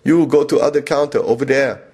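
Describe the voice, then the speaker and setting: A man's voice: mid-range voice, quick pace, a little mellow, husky. A man voicing a blunt female airline counter clerk who speaks in clipped broken English. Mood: curt.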